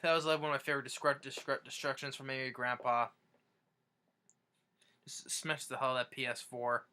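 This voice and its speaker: A young man casually recounting favorite videos in a rambling, halting way, restarting sentences as he goes. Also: medium pitch, little pitch movement, pushed and bright, clean tone. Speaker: fan vlogger. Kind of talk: casual countdown retelling.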